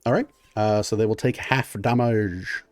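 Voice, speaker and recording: Soft music plays in the background while a man with a lowish voice runs a tabletop game. He narrates a little slowly and casually as game master, using lots of fillers and counting dice rolls aloud.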